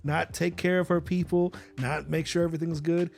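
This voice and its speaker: A man co-hosting a casual podcast, bantering in a relaxed, laid-back way. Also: a little high, moderate pace, vocal fry. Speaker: podcast co-host. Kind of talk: casual chat.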